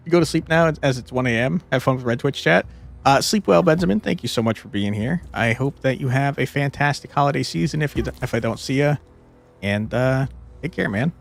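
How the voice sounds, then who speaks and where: Expressive and brisk, a young man's creaky mid-range voice carries over faint music as he streams a card game. He chats with viewers between moves and swears often, reacting to hard fights with frustrated outbursts and laughter in live commentary.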